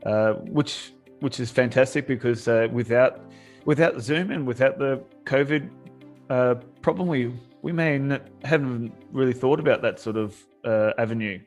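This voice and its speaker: A man's voice: medium pitch, moderate pace, soft background music. A man hosting a podcast, telling stories in a casual, rambling way and laughing often. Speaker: podcast host. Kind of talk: casual chat.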